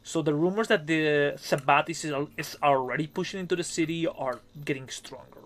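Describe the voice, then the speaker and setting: A man with a fairly high, pushed, bright voice serves as game master, narrating a tabletop horror game conversationally with fillers and asides. Faint music plays in the background.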